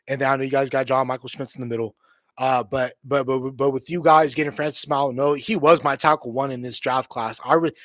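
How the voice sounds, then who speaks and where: A man hosting his own live stream, reacting with loud excitement and a lot of swearing, repeating himself and calling the audience bro and homie. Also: on the high side, dry recording, studio quality. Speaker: streamer hosting a draft watch party.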